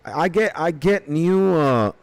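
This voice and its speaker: A man's voice: a little high, expressive, slow, vocal fry, no room sound, rough recording. A young man streaming a game, chatting casually with viewers, swearing freely and reading quest dialogue aloud. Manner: swears casually, greets chat viewers by name.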